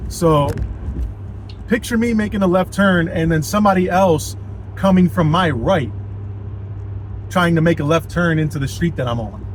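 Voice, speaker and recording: A man's voice, a little higher than most men's, telling a loose, rambling story in a casual vlog. He swears freely and leans on fillers and "you know what I mean," with a faint hum of noise under him. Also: moderate pace, pauses often, rough recording.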